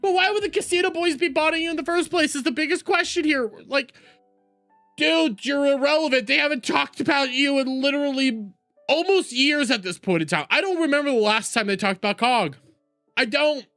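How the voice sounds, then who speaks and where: A man hosting a stream, mocking a clip in sarcastic reaction commentary that swings from loud outbursts to low mutters. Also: normal speed, no echo, faint music behind.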